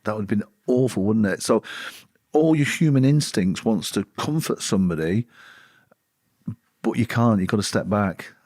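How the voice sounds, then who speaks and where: A man, a former bodyguard, recalling his work in a casual interview, talking in halting bursts with fillers and restarts. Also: on the low side, darkish tone, no room sound, clean studio sound. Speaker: former royal bodyguard and author.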